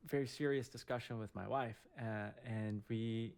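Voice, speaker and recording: A middle-aged man, a surgeon, telling a personal story in a casual, halting way with many fillers and restarts. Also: mid-range voice, fairly even intonation, a little mellow, clean tone.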